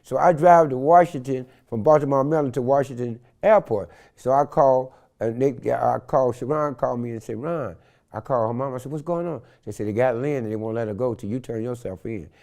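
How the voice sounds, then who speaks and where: An older man from San Francisco, telling stories in an interview with an animated, slangy manner and loud acted-out quotes. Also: medium pitch, fairly quick. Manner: animated, acts out quotes loudly, street slang. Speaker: interview guest. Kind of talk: storytelling in an interview.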